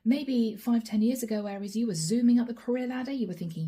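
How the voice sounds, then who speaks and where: A woman's voice: on the high side, fast talker, hardly any pauses, dark tone, slightly rough. A woman giving a channeled tarot reading, talking straight to the viewer in a musing, reassuring way. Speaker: tarot card reader.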